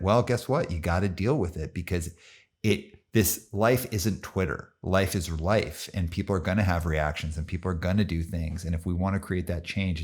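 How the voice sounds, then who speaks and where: A man hosting a podcast interview, talking animatedly and mimicking imagined listeners. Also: deep voice. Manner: animated, fast bursts, mimics imagined voices. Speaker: podcast host. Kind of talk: conversational interview.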